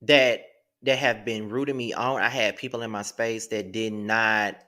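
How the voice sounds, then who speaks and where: A man's voice: on the low side, little pitch movement, normal speed, pushed and bright. A man in his thirties hosting his own online show, talking emotionally to his viewers and close to tears, repeating himself as he thanks them. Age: 30s. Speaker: YouTube show host.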